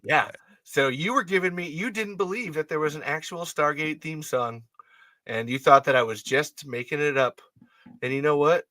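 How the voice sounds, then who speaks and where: A man's voice: a little high, moderate pace, pushed and bright, dry recording. A man hosting a podcast, chatting playfully and laughing often. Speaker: podcast host. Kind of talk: casual chat.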